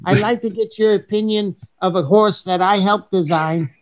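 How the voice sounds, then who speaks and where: A man putting on a polite, formal middle-aged German man with a German accent, talking slowly and courteously. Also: high-pitched, fairly even intonation, voice pushed up, lightly acted. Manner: slow, courteous, stiffly formal phrasing.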